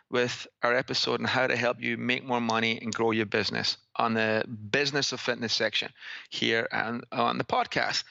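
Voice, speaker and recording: A man's voice: mid-range voice, little pitch movement, moderate pace, creaky, sharp tone, dry recording, highs cut off. A Scottish man hosting a fitness-business podcast segment, talking emphatically and asking his listeners rhetorical questions. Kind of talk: business advice talk.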